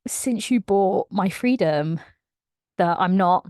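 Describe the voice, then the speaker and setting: A woman's voice: mid-range voice, lively intonation, slow, a little mellow, dry recording, clean studio sound, voice pushed down. A British woman voicing a sassy, loyal fire sprite. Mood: tender.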